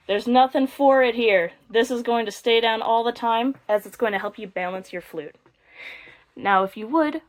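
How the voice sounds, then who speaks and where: A young woman teaching beginner flute, explaining step by step with playful, self-mocking jokes. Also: medium pitch. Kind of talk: casual instructional video.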